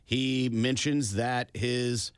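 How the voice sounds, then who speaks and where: A man's voice: mid-range voice, fairly even intonation, very slow, smooth, no echo. A man co-hosting a podcast in casual chat, telling a story with wry asides. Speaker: podcast co-host.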